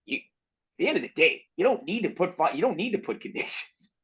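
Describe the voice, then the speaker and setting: Male co-host, mid-pitched, works through ideas aloud, muffled audio. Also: very animated, fast talker, fairly bright tone, breathy edge. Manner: thinks aloud, asks questions, restarts phrases. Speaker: podcast co-host. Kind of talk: casual chat. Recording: dull, muffled mic sound.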